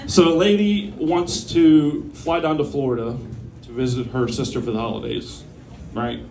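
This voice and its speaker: A man's voice: medium pitch, a little mellow, recorded from a distance, a little hiss or hum. A man hosting a comedy night, telling bad jokes in a loose, chuckling way and acting out the people in them. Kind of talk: telling jokes at an open mic. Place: small bar venue with a live audience. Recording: roomy bar recording.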